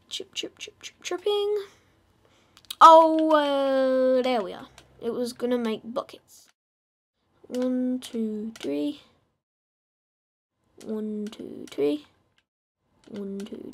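A woman narrates her gameplay in a relaxed, drawn-out way, teasing her in-game animals in a playful singsong. Her voice sits a little higher than usual, and she takes her time with every phrase. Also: slight background noise. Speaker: gamer. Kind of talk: casual gameplay commentary.

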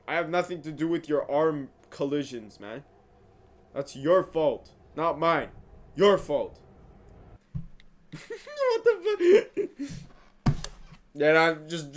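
A young man reacts out loud to short films. His voice sits a little high and swings widely between low mutters and loud outbursts, and he talks back to the screen at an unhurried pace. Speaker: reaction video host. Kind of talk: casual reaction commentary.

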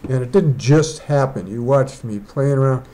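A man's voice: medium pitch, moderate pace, mellow. A man who is a digital artist, rambling and thinking aloud as he walks through a casual painting tutorial indoors. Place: indoors, rain outside.

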